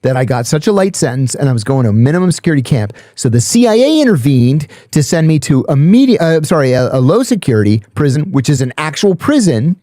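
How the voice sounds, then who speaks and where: A middle-aged man, a podcast guest, telling a story in a blunt, animated way with some swearing. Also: a little high, fast, few pauses, no room sound, studio quality. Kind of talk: storytelling in casual chat.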